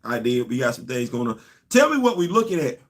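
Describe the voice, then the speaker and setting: A man hosting a casual live-stream show, animated and laughing often as he chats about football. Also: medium pitch, a little fast. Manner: animated, laughing often, Southern colloquial talk. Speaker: show host.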